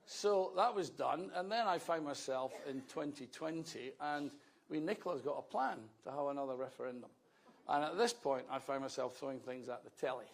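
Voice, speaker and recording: A man's voice: fairly high pitch, normal speed, gravelly. A Scottish man in his fifties giving an anecdotal public talk about his life, conversational with wry asides. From Scotland. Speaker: speaker telling his life story.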